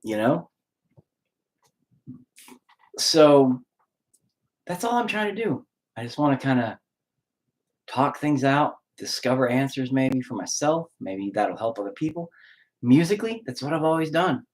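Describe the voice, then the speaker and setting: A man's voice: medium pitch, big pitch swings, unhurried, pauses often. A man who is a musician and lyricist, talking in a rambling, candid personal monologue and swearing freely.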